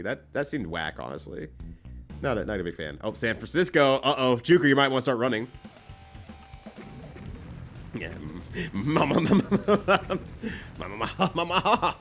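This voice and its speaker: A man's voice: on the low side, fairly bright tone. A man streaming a game live, giving loose, joking commentary that swears casually and rambles between bits.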